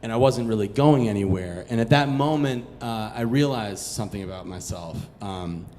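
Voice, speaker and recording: A man's voice: lowish voice, normal speed, dark tone, long reverb tail, slight background noise. A man from Massachusetts telling a story on stage in a casual, profane, self-mocking way. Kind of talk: live storytelling.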